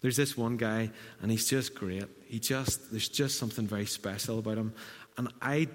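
A man's voice: on the low side, normal speed. Man preaching in a reverberant hall. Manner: conversational storytelling, self-deprecating asides. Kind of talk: sermon.

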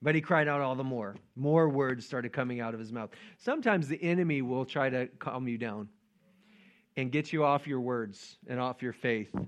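A man's voice: medium pitch, moderate pace. A man preaching a casual, joking sermon and acting out the voices of Bible figures. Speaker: pastor.

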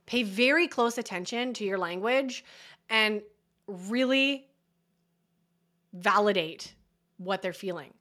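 A woman's voice: mid-range voice, takes it slowly, pauses often, pushed and bright. A woman hosting a solo coaching podcast, speaking earnestly and encouragingly and often checking in with the listener. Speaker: podcast host.

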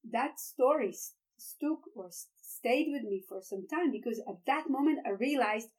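A woman's voice: a little high, low-quality recording. A woman in her thirties from Israel with an Israeli accent, a tour guide telling a personal story in an interview, emphatic and repeating words as she gets caught up. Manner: animated, emphatic, repeats words when excited.

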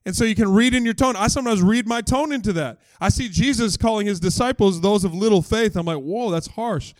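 A man's voice: high voice, a little fast, dry recording. A male pastor preaching a casual, joking sermon, acting out voices as he tells stories. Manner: animated, joking, acts out quoted voices. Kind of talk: conversational sermon.

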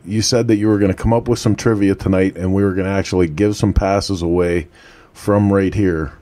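A male host with a low, dark, mellow voice runs a live online show. He talks in a relaxed, easygoing way, with lots of casual back-and-forth. He laughs easily. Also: brisk. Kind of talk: casual live-stream chat.

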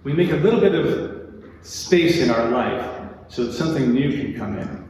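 A man's voice: mid-range voice, expressive, moderate pace, a little mellow, distant mic, a little hiss or hum. Man preaching in an echoey church. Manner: conversational, acts out quoted speech. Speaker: pastor. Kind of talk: sermon. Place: church sanctuary.

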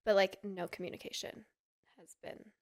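A woman's voice: mid-range voice, steady tone, moderate pace. A woman from Utah, a podcast guest, telling a long gossipy story in casual chat and acting out the people she quotes.

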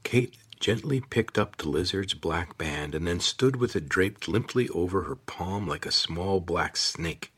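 A man narrating an audiobook in a steady, measured storytelling voice. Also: low-pitched, slightly rough.

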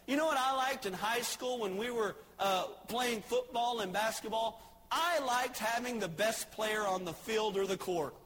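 A male preacher giving a sermon, telling stories and jokes, swinging between soft asides and shouted lines. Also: extremely high pitch, slight background noise.

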